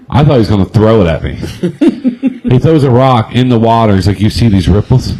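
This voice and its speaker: Comic co-host, low voice, loose rambling storyteller. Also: male voice, brisk, warm tone, slight background noise, rough recording. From Indiana. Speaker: podcast co-host, comedian. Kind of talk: casual podcast chat.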